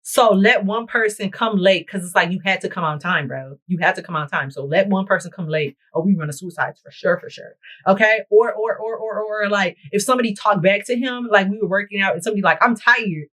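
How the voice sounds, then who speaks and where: A woman's voice: mid-range voice, fairly quick, fairly bright tone, low-quality recording. A young woman vlogger chatting a dramatic storytime straight to her viewers while she does her makeup. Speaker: beauty vlogger. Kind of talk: storytime chat while getting ready. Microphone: camera mic while doing her makeup.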